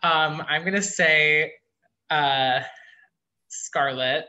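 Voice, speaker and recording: A man's voice: fairly high pitch, drawn-out words, sharp tone. A man co-hosting a casual chat, upbeat and full of "like" fillers. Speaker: co-host.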